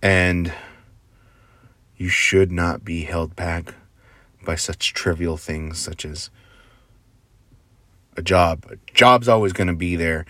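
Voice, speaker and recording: A man with a very deep voice delivers a rambling, earnest motivational talk. He swears casually and keeps dropping into quiet asides. The sound is dry and close, with no room around it. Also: no echo. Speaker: motivational speaker.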